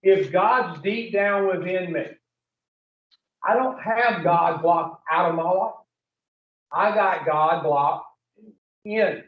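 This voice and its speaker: A man's voice: high-pitched, slow pace, long pauses. A man leading an addiction recovery group in a preaching style, blunt and profane, firing questions at his listeners. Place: room with a group. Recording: echoey room, distant muffled mic.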